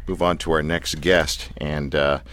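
A man hosting a radio interview, joking and self-deprecating, with halting fillers. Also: a bass voice, little pitch movement, a bit bright, no room sound. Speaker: radio show host.

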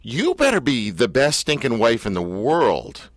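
A man of medium pitch talks a little slowly, his voice swinging hugely up and down. As host of a casual interview chat, he jokes, puts himself down, and asks rambling questions.

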